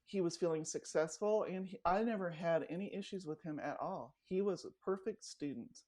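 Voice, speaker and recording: A middle-aged life coach with a fairly low-pitched voice tells stories at a normal speed in a casual interview. She's an animated storyteller who acts out the voices of the people she quotes.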